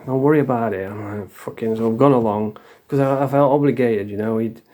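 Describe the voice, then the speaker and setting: Man, middle-aged, from england, casual storytelling, confessional, sweary, mellow tone. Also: medium pitch, brisk. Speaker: vlogger.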